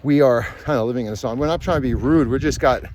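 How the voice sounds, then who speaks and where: A man's voice: mid-range voice, fast talker, darkish tone, a little hiss or hum. A man, a dog trainer, talking casually as he walks a forest trail, rambling and thinking aloud with many restarts, filmed on a handheld camera. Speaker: dog trainer and podcast host. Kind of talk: casual rambling talk while walking outdoors. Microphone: handheld camera, selfie framing.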